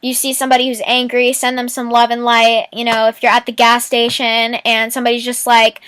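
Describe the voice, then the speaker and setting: Brisk and hardly pausing, a young woman speaks in a completely flat delivery, her high-ish voice a bit bright and clean with no echo. Still, her casual motivational vlog is rambling and giggly, stuffed with "like" and "you know" as she offers upbeat life advice.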